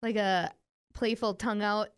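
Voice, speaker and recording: A woman's voice: mid-range voice, steady tone, normal speed, smooth. A young adult woman and radio host, chatting casually and telling a story, giggly as she reads out messages. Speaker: radio personality and podcast co-host. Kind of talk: casual chat.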